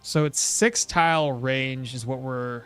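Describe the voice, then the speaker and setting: A young man streaming a survival game, chatting loosely and telling a profane story with sudden loud outbursts. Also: mid-range voice, slow, clear, resonant tone, faint music behind. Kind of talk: casual gameplay commentary.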